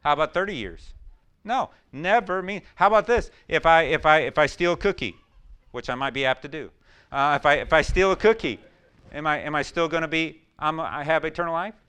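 A man preaching a sermon, swinging between loud emphatic questions and quiet, low storytelling. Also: a little fast, smooth.

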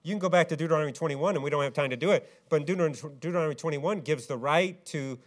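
Male preacher, fairly high voice, rhetorical questions, loud emphatic bursts and quiet low passages. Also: fast. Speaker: pastor. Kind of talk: sermon.

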